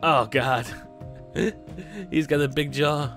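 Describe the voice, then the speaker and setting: Excitable young man narrating gameplay. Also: a little high, takes it slowly, faint music behind. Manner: excitable, jokey, reads game prompts aloud and talks to his creature. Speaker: gaming YouTuber. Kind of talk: let's play commentary.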